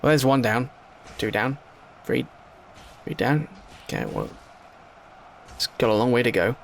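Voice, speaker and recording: A man giving casual gameplay commentary, talking to the units on screen and swinging between excited shouting and low mumbling. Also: unhurried, vocal fry, a little hiss or hum.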